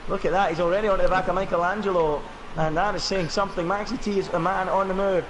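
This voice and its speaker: A man's voice: high voice, quick pace, noisy background. A man giving play-by-play commentary on an online racing game and quizzing his co-host. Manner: steady play-by-play, asks co-host questions. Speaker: lead race commentator.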